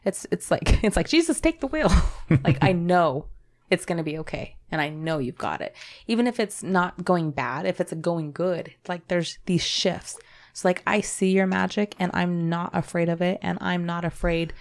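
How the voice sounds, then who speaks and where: A woman co-hosting a podcast, talking in a halting, self-doubting way and swearing casually. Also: on the low side. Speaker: podcast co-host. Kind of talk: candid conversational podcast talk.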